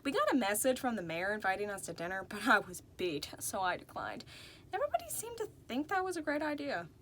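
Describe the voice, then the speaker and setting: A woman's voice: medium pitch, huge pitch swings, fairly quick, fairly bright tone, a little hiss or hum. A woman narrating a first-person storybook in a folksy, drawling way. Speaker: audiobook narrator.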